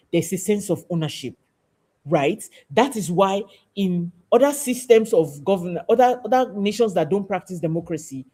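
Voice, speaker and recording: Emphatic and preachy, a Nigerian podcast host addresses the camera in a passionate civic talk, repeating phrases for stress. She has a lowish voice that sounds mellow and husky.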